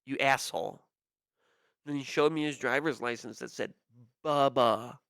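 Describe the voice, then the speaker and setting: Gravelly young man ranting on stream. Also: medium pitch, moderate pace, fairly bright tone, no echo, clean studio sound. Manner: profane, exasperated ranting with mock-quoted voices. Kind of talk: casual livestream storytelling rant.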